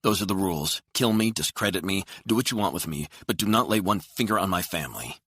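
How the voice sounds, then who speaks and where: A man voicing an angry, frightened journalist who snaps and protests in tense bursts, pitched above his own voice. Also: expressive, fast, a bit bright, breathy edge, dry recording, studio quality, full character voice. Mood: furious. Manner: tense, agitated outbursts.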